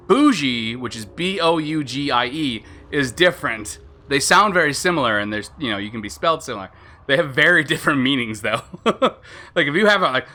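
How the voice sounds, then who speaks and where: A man's voice: medium pitch, expressive, brisk, pushed and bright. A man streaming a video game live, chatting in a rambling way, laughing at himself and swearing casually.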